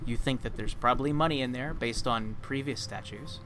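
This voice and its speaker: A man's voice: medium pitch, normal speed, few pauses, a bit bright, slight background noise. A man narrating a tabletop game as game master, describing scenes with many fillers and restarts.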